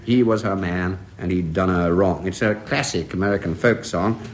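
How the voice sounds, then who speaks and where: A man's voice: low voice, moderate pace. Male quiz host reciting verse with relish, a faint old broadcast hiss behind him. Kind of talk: radio panel show hosting, reading verse aloud. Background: studio audience laughter.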